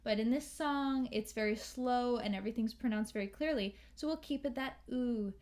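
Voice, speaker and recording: An American woman teaching English pronunciation, slowly and carefully modeling sounds and words. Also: on the high side, darkish tone. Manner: slow, careful, models sounds and sings lines. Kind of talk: pronunciation lesson with sung examples.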